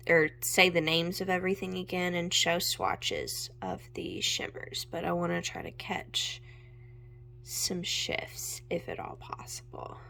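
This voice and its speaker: A young woman chatting casually at home as she shows her makeup, gushing and sometimes dropping into a soft whisper. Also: lowish voice, creaky, a little hiss or hum. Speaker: makeup vlogger. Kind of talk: casual chat while swatching makeup. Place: home room with natural light.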